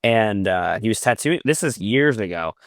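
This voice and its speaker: A man's voice: lowish voice, lively intonation, normal speed, no room sound, clean studio sound. A man, a podcast guest and metal vocalist, telling long stories in casual chat over a video call. He acts out quoted back-and-forths and swears often.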